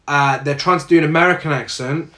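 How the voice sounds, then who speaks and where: A man's voice: on the high side, quick pace. Man casually mocking a bad film. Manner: animated, mocking, acts out film lines in silly voices. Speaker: podcast co-host reviewing a film. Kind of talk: casual chat.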